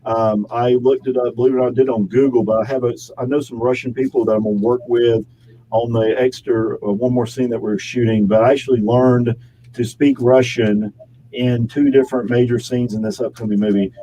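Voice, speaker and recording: Male actor guest, mellow timbre, chatty and rambling, faint hiss. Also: medium pitch, level tone, brisk, low-quality recording. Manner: rambling, self-correcting, chatty. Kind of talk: casual interview chat.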